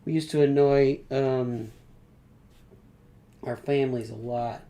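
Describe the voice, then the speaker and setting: A man's voice: mid-range voice, fairly even intonation, takes it slowly, warm tone. A middle-aged man streaming live, chatting casually as he builds and referring to himself in the third person. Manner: rambling, talks about himself in third person.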